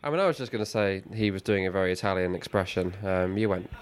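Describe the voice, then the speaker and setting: A man's voice: deep voice, quick pace. A man hosting a podcast, giving dry, wisecracking football play-by-play. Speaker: podcast host and commentator. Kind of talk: comedic football commentary.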